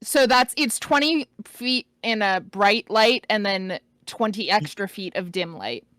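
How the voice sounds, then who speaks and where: A woman's voice: medium pitch, animated, a little slow, a bit bright, no echo. A woman playing a tabletop game, hesitant and giggly, with many fillers. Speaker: player.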